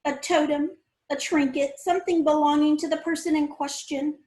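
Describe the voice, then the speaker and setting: A woman voicing a girl posing as a mystic fortune teller, speaking in a thick, husky mock Hungarian accent with a theatrical, commanding manner. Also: high-pitched, lively intonation, normal speed. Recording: roomy echo.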